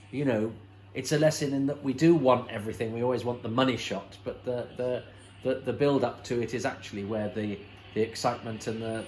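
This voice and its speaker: A man's voice: medium pitch, slight background noise, rough recording. A man hosting a watch-along, commenting on an old episode in a chatty, enthusiastic way with many fillers and restarts. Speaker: host.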